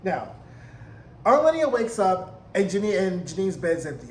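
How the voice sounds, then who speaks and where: Man, high voice, sassy, profane, animated TV recap, echoey room, faint hiss. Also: measured pace, long pauses. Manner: animated, profane, sassy, acts out character quotes. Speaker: TV recap reviewer. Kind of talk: casual episode recap and commentary.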